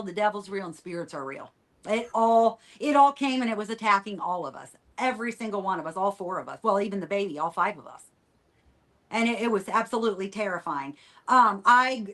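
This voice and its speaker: Higher-voiced woman telling her story. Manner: rambling, repeats phrases, trails off quietly at line ends. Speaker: podcast guest. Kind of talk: personal testimony storytelling.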